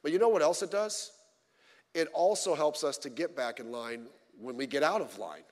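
A male pastor preaching a sermon, swinging between loud emphatic lines and low quiet asides, telling stories with humor. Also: animated, moderate pace, in a large hall. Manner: informal storytelling with humor. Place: church.

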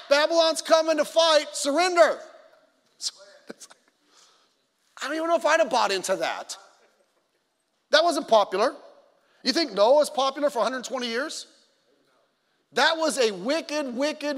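Very high-voiced man preaching in a reverberant hall. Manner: animated, swings between loud exclamations and quiet asides; acts out other people's lines in conversational storytelling. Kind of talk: sermon.

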